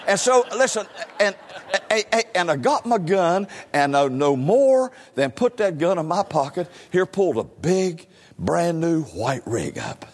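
A man's voice: on the high side, sing-song, a little slow. An older man preaching a sermon in a church, telling his testimony with emphatic repetitions and stammered restarts. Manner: emphatic, repeats "listen" and stammers into phrases. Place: church sanctuary. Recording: long hall reverb.

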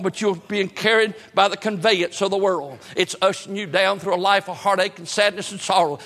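High-voiced preacher in a hall. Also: male voice, fairly bright tone. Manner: fervent, repetitive preaching cadence. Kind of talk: sermon.

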